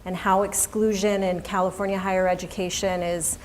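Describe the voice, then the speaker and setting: A middle-aged woman moderating a public forum, asking questions in a measured, earnest way. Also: mid-range voice, little pitch movement, darkish tone, a little hiss or hum.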